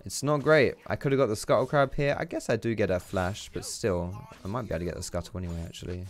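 Chatty gamer, lowish voice. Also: male voice, fast. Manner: chatty, excitable, swears freely. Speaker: gaming YouTuber. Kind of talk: live gameplay commentary.

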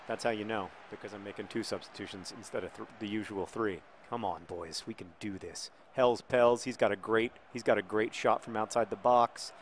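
A middle-aged man talks over his own football video game in a loose, jokey way. His voice sits in a middle range, and he breaks into loud, excited shouts whenever a shot or pass nearly comes off. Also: mid-range voice, a little hiss or hum. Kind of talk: playing a football video game with live commentary.

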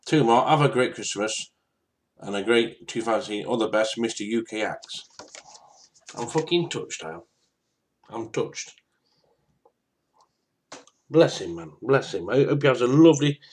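A man talking casually to his viewers, rambling and stammering, repeating himself often. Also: mid-range voice. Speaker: YouTuber. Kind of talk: casual vlog to camera.

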